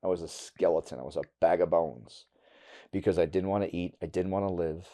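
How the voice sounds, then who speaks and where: A middle-aged man from Wisconsin, a podcast guest telling a personal story candidly and bluntly, going quiet and halting on hard memories. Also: sits low, fairly even intonation. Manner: candid and blunt, with casual swearing.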